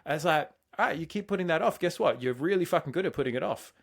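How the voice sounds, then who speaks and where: A man's voice: a little high, lively intonation, creaky. A man co-hosting a fitness podcast, talking emphatically and swearing often as he makes his points. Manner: fast, emphatic, swears a lot. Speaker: podcast co-host. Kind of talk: motivational podcast talk.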